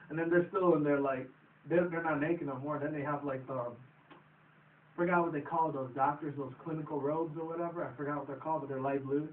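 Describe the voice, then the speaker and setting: A man's voice: on the high side, steady tone, a little fast, slight background noise. A young man recapping a comedy movie in a loose, profane, rambling way. He laughs at his own retelling. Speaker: vlogger reviewing a movie. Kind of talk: casual rambling movie review. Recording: echoey phone-quality audio from a distance.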